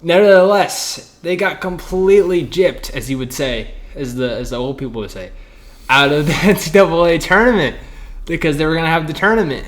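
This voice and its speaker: A young man hosting a casual podcast chat, rambling and excitable, full of fillers and restarts. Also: mid-range voice. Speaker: podcast host.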